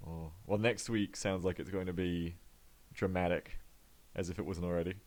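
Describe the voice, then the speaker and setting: Man, tabletop player, casual, joking, low voice. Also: steady tone, moderate pace, darkish tone. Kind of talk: casual chat at a game table.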